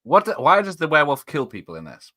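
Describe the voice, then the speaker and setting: A man's voice: fairly high pitch, wildly swooping pitch, brisk, sharp tone, no echo. A man chatting casually on a home mic during a movie watch party, joking and laughing a lot. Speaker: podcast co-host. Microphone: home computer mic with speakers on.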